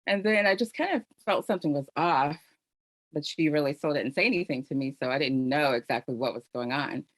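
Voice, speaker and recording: A middle-aged woman with a lowish voice shares a personal story on an online panel. Her delivery is earnest and heartfelt, with plenty of conversational fillers. The sound is dry and close, as if from a video call microphone. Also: fairly quick, no echo. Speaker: panel host sharing her own story. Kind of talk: personal testimony on a virtual panel.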